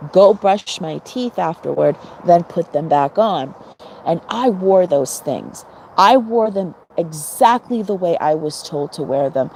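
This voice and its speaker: Woman, live-stream host, casual and frank, laughs often; slightly low, warm tone, light background noise. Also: poor audio. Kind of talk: casual storytelling to viewers.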